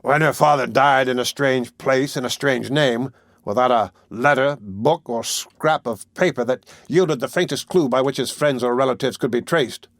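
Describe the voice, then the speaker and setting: A man's voice: medium pitch, normal speed, no room sound, close to an everyday voice. A man reading an audiobook and voicing a sullen, bitter villain who speaks coldly and grudgingly.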